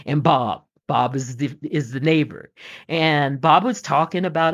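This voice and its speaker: A woman's voice: low-pitched, unhurried. A middle-aged woman hosting a podcast, telling homespun stories and jokes in a casual, folksy way and laughing often. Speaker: podcast host. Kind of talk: casual storytelling monologue. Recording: dull lo-fi recording.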